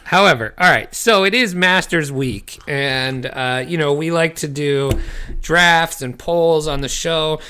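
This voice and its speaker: A man's voice: a little high, unhurried, sharp tone, a little hiss or hum. A man co-hosting a podcast, chatting casually with crude, joking banter. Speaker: podcast co-host. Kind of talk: casual chat.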